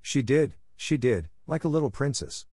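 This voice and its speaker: A man's voice: mid-range voice, sing-song, normal speed, warm tone, husky, no room sound, clean studio sound, pitched above the performer's own voice. A man reading aloud, voicing a timid spinster schoolmistress who breaks into hysterics, in a raised, pleading voice. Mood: hysterical.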